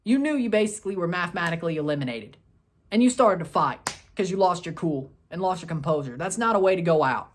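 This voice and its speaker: A man hosting a soccer review video, ranting and scolding in repeated short bursts, with loud outbursts and low grumbling. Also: lively intonation, fast talker. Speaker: soccer fan video host. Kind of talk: post-match review rant.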